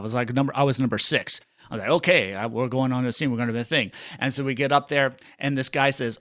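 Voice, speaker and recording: A man co-hosting a podcast, telling a long rambling story in a self-mocking, animated way. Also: medium pitch, quick pace, few pauses, dry recording, clean studio sound. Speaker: podcast co-host. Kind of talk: casual storytelling chat.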